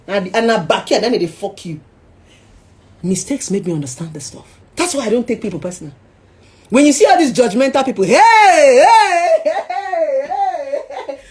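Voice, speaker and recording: Lively Nigerian woman preaching to her followers. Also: mid-range voice, fairly quick. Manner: animated, switching into Pidgin, mocking chants. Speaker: social media personality. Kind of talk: motivational monologue.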